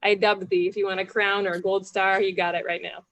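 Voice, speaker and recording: A woman's voice: medium pitch, little pitch movement, a bit bright, dry recording. Earnest, heartfelt woman speaker, dry sound. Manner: earnest, quick, heartfelt, laughs often. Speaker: guest speaker. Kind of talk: motivational talk to a group.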